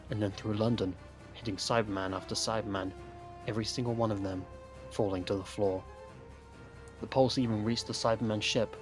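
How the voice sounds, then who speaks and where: A man narrating a story in a steady storytelling delivery. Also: on the low side. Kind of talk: scripted narration.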